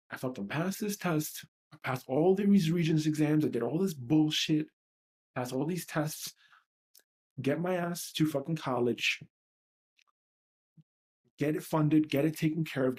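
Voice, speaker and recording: A man's voice: on the high side, darkish tone. A man in his thirties from New York, coaching an EFT tapping session with a raw, profane, emotionally charged monologue that repeats phrases for emphasis. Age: 30s.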